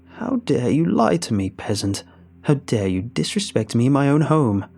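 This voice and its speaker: A man voicing a cruel eighty-year-old witch hag who speaks in a slow, sneering, menacing way. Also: mid-range voice, sing-song, vocal fry, mellow, husky, soft background music, exaggerated voice. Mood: furious.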